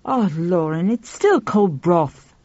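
A woman voicing a frustrated man who shouts and complains in a high voice. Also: animated, slow pace, no room sound, dull audio. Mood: exasperated. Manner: exasperated outbursts.

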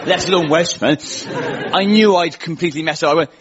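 A man's voice: fairly high pitch, fairly quick. A man hosting a comedy show, telling dry, self-mocking stories to a live audience. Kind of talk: stand-up monologue before a live audience. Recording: dull lo-fi live recording with crowd laughter and noise. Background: audience laughter.

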